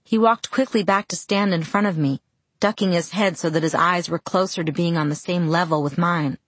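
A woman reads a first-person story aloud in a steady, reflective manner. Her voice is somewhat low and husky, recorded close and dry. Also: brisk, dry recording. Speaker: audiobook narrator. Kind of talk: first-person audiobook narration.

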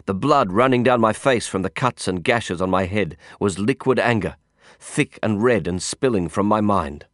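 An audiobook narrator reads a novel aloud in the first person, his low voice measured and intense as he follows the script. The recording is dry and close, with no room sound or echo.

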